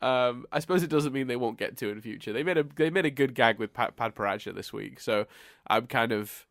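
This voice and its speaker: A man's voice: mid-range voice, fairly quick, fairly bright tone, no room sound. Man, podcast co-host, casual chat, rambling restarts, dry close mic. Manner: rambling, many restarts, laughs often.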